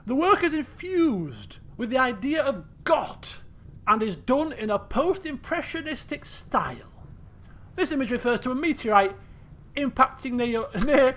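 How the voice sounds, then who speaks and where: A man streaming a game, telling stories in casual, animated, exclamatory chat with some swearing. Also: very high voice, unhurried.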